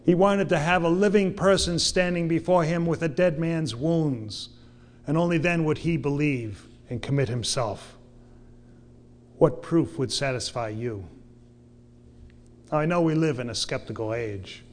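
A man preaching a sermon, reading scripture slowly and then pressing his point with earnest emphasis. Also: on the high side. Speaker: pastor.

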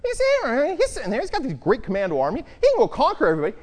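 Animated Bible teacher in a reverberant hall. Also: medium pitch, very fast. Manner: animated, asks the listeners rhetorical questions.

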